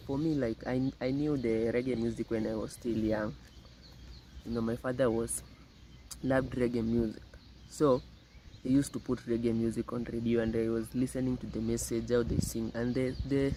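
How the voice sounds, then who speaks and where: A man hosting a reaction video, talking to camera in a halting, repetitive way and often calling the viewers "guys". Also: medium pitch, background noise. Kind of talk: casual commentary to camera.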